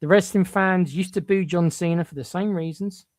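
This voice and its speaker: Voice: mid-range voice, moderate pace, darkish tone, no echo. A podcast co-host giving blunt, emphatic opinions, often stumbling into repeated restarts.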